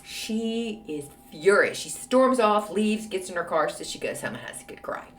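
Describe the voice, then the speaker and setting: A woman's voice: mid-range voice, big pitch swings, moderate pace, fairly bright tone, soft background music. A woman hosting a casual solo podcast, answering an advice letter in a snarky, gossipy storytelling way with lots of fillers. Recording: roomy echo, voice off-mic.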